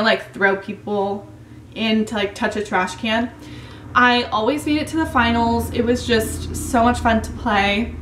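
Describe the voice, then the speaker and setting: A young woman vlogger chatting casually through a Q&A, full of "like" fillers, with a slightly hoarse voice. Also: a little high, recorded from a distance, a little hiss or hum. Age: young adult. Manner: chatty, many "like" fillers, laughs often. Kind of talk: casual Q&A chat. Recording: echoey room, mic set back.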